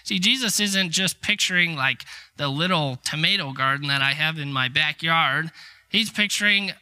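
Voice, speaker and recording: A man's voice: a little high, moderate pace, bright, forceful tone. A middle-aged man preaching a sermon in a conversational, emphatic way, acting out the quotes he tells. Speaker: pastor.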